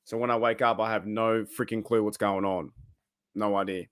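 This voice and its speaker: A man's voice: fairly low pitch, fairly even intonation, moderate pace. Chatty Australian guy rambling on a livestream. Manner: rambling, reads chat aloud, loose and chatty. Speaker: livestream host. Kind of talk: casual livestream chat.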